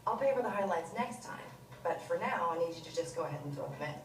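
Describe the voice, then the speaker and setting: A woman's voice: lowish voice, expressive, natural voice. An actress playing an insistent salon client who wants more than she pays for. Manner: insistent, rapid. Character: stubborn female salon client wanting freebies. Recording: distant echoey playback, faint noise.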